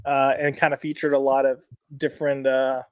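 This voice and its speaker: A man's voice: medium pitch, monotone, moderate pace, clear, resonant tone, no echo, clean studio sound. A man co-hosting a weekly comics podcast in casual chat, reading lines aloud and checking the live chat.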